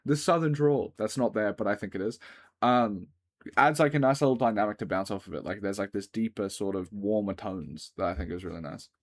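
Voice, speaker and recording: A man's voice: on the low side, a little fast. An Australian man hosting a music reaction, talking casually in a rambling way with lots of filler words and casual swearing. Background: album music playing faintly.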